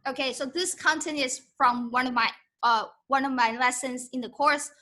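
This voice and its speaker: High, bright-voiced teacher woman. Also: steady tone. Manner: slow, patient, mixes English with Mandarin, models tones by humming. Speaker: Mandarin teacher. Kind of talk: live-streamed language lesson.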